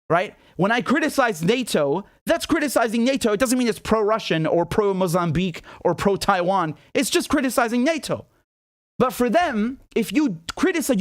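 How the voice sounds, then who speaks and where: A man's voice: high-pitched, no room sound, clean studio sound. A man from Britain delivering indignant solo political commentary, incredulous and repeating himself, often restarting sentences.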